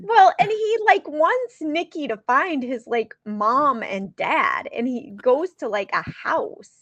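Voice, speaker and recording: A woman's voice: high-pitched, expressive, slow pace, fairly bright tone, no echo, highs cut off. A woman co-hosting a casual movie review podcast, joking and chiming in with questions. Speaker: podcast co-host.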